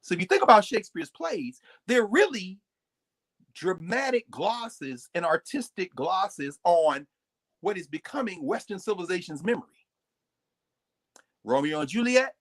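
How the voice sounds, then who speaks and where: A man giving a live, lecture-style talk as the guest on a recurring segment, animated and digressive, often breaking off his own sentences. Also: sits high, moderate pace. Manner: animated, digressive, interrupts himself.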